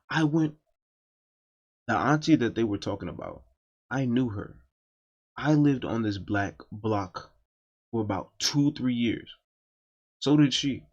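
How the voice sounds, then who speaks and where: A man's voice: medium pitch, a little slow, long pauses, a little mellow, dull audio. A man telling a personal story in a casual, profane and emphatic storytime monologue.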